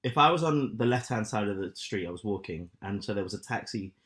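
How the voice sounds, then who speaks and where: A man in his thirties co-hosting a podcast, telling stories with lots of swearing and loud acted-out quotes. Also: on the low side, fairly quick. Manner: animated storyteller, swears a lot, acts out quotes loudly. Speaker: podcast co-host. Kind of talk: casual chat.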